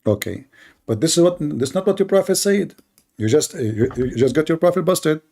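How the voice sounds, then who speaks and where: A man's voice: fairly high pitch, lively intonation, a little fast, gravelly, mellow. A man hosting a live online debate, talking in a mocking, sarcastic way. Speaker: host of a live debate stream.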